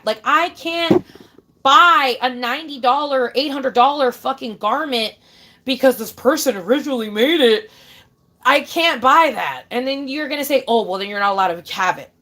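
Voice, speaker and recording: A woman's voice: high-pitched, lively intonation, moderate pace, sharp tone. A woman ranting casually to her camera, swearing often, repeating herself for emphasis and calling the listener babe. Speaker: vlogger.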